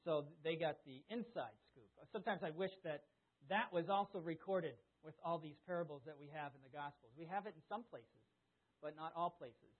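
A man preaching a sermon in a conversational, animated storytelling way, to a congregation he questions directly. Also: fairly high pitch, normal speed, breathy edge. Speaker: pastor. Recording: tinny phone-like lo-fi sound.

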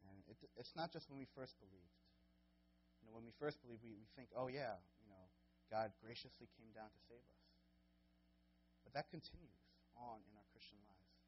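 A man's voice: mid-range voice, lively intonation, brisk, highs cut off, slight background noise. Earnest male pastor preaching a sermon. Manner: earnest, rising to impassioned pleading when quoting.

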